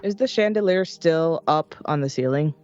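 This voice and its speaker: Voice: medium pitch, normal speed, a little mellow, lo-fi sound, soft background music. A player in a tabletop game talking in a brash, profane, casual way.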